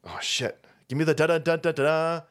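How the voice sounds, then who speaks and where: A man hosting a livestream, delivering a loud, mocking, profanity-laden commentary rant. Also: a little high, fairly even intonation, a little fast. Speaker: livestream host.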